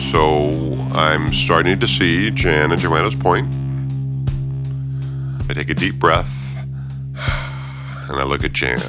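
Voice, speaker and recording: A man narrating a first-person story, sardonic and profane, swinging between hushed reflection and heated rants. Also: rumbling low, takes it slowly, pauses often. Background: loud guitar music.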